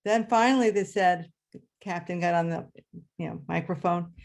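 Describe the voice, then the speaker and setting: A woman who was a third grade teacher, telling a personal story live to an audience with dramatic pitch leaps. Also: normal speed, vocal fry, a little mellow. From New York area. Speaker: storyteller, retired-style schoolteacher.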